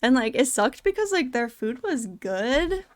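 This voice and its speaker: A woman's voice: high-pitched, a little slow. A young woman hosting a podcast, telling a story in a casual, chatty way with lots of filler words. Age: young adult. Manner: chatty, animated retelling with many "like" fillers. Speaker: podcast host.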